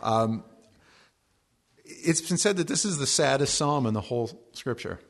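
A man preaching a relaxed sermon as pastor, cracking jokes between slow readings of scripture. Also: mid-range voice, creaky. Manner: conversational and joking, reading scripture slowly.

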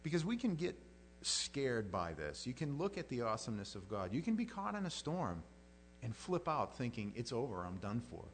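A man preaching a sermon as pastor, conversational and animated, swinging between loud outbursts and quiet prayer. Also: medium pitch, moderate pace, slight background noise.

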